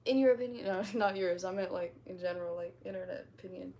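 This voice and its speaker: A woman's voice: fairly low pitch, fast talker, mellow. A young woman casually chatting on a stream, reading out comments and reacting in a blunt, profane, rambling way. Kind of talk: casual livestream chat.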